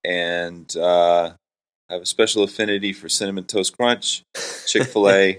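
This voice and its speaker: Joking deep-voiced man from Florida. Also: steady tone, moderate pace, fairly bright tone, smooth. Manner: joking, self-deprecating, playful. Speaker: Christian hip hop artist and pastor. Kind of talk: casual interview chat. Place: hotel room.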